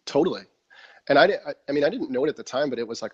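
A man who was once a soldier, telling stories from his service in a casual, animated chat, acting out his younger self. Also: mid-range voice, very fast, dry recording, dull audio. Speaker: guest. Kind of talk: casual storytelling.

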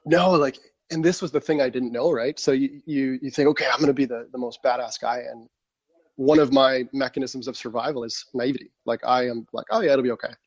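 A man's voice: medium pitch, brisk, dry recording, highs cut off. Man telling war stories, close and dry. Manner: animated, acts out his past self. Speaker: guest. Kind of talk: casual storytelling.

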